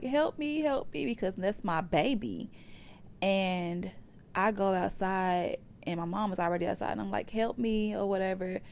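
A woman's voice: on the low side, gravelly, a little mellow. A young adult woman, hosting a podcast and telling a personal story in a conversational way, often calling her listeners "y'all". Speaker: podcast host. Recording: faint background hiss.

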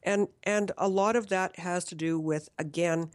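A woman's voice: lowish voice, steady tone, normal speed, dry recording. A woman talking about marketing in a casual conversation, earnest and emphatic.

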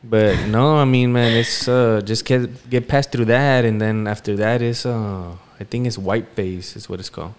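A man co-hosting a podcast, telling a story in a relaxed, rambling way with many fillers. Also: fairly low pitch, normal speed, few pauses, clear, resonant tone. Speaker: podcast co-host. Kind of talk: casual storytelling chat.

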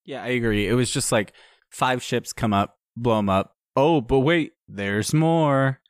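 A man co-hosting a casual game review chat, animated and mocking the game's dialogue. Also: mid-range voice, measured pace, clean tone, no echo, studio quality. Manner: animated, mocks dialogue in put-on voices. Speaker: game podcast co-host.

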